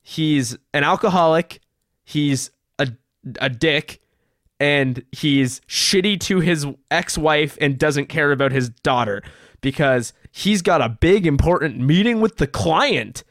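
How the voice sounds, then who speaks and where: A man's voice: on the high side, slow, a bit bright, no room sound, studio quality. A man recapping a movie plot on a podcast in casual chat, blunt, profane and sarcastic. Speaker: podcast co-host reviewing a movie.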